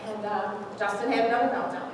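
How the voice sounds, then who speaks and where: A fast-talking woman in her forties, with a steady mid-range voice, delivers a heartfelt testimony in a church sanctuary, laughing through tears. The sound is noisy and echoey, recorded from a distance in the church hall.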